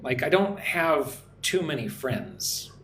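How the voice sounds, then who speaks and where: Man, English teacher on a livestream, slightly high voice, friendly and repetitive, roomy echo. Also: animated, a bit bright, a little hiss or hum. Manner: friendly, repeats "right?" often, slow careful modelling of words. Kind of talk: live-streamed English lesson. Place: home in Vietnam. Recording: echoey room with faint ambience.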